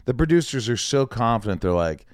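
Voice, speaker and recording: Animated man telling a story. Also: medium pitch, a little fast, dry recording, clean studio sound. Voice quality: swears casually, leaps into other people's voices. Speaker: podcast guest, actor. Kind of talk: animated storytelling with acted-out quotes.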